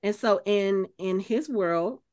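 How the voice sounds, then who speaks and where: A woman co-hosting a podcast at a middle pitch, talking casually and working her thoughts out as she goes. She restarts her sentences often and fills the gaps with "um" and "you know". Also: slow, a little mellow. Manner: thinks aloud, with many filler words and restarts. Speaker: podcast co-host. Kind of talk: casual chat.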